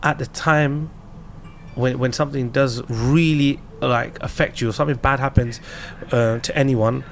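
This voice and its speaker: A man with a London accent, a guest entrepreneur on a podcast, chatting casually and telling lively anecdotes with slang. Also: medium pitch, normal speed, creaky, slight background noise. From England. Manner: animated storyteller, laughs while telling anecdotes, slangy.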